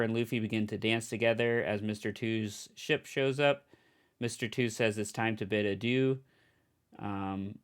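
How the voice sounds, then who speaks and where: A man co-hosting a podcast, walking through an episode's plot in a steady, orderly way. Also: fairly low pitch, clean tone. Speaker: podcast co-host. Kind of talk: casual episode recap.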